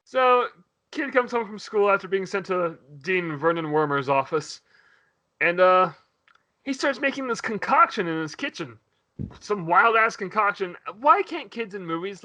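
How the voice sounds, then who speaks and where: A man hosting a podcast in casual chat, telling a story in an animated way. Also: high voice. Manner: animated, swears and laughs while retelling. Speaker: podcast host.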